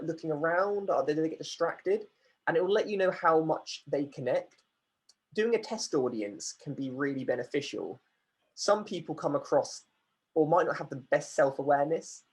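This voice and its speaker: A man's voice: on the high side, husky. A man running an online workshop, chatty, reading out questions from the chat and answering them. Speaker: workshop facilitator.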